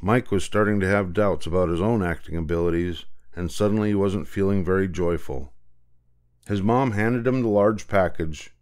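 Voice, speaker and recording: An older man reading a children's book aloud, with a lively, expressive delivery. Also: sits low, normal speed, smooth. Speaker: storyteller.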